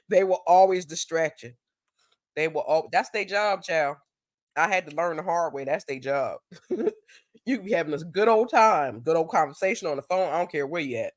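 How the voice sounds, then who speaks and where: A lively woman talks to her viewers on a live stream, her pitch swooping up and down as she tells stories. When she quotes other people, her voice jumps higher. The sound is dry and close, with no room echo. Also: moderate pace. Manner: animated storyteller who acts out quotes in a higher voice. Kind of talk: casual live-stream chat.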